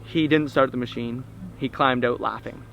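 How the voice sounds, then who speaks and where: A man, a protester, calmly telling in an interview what happened to him, in a plain storytelling manner. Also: medium pitch, moderate pace, creaky, highs cut off, heavy background noise. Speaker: protester recounting events. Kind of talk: documentary interview recollection.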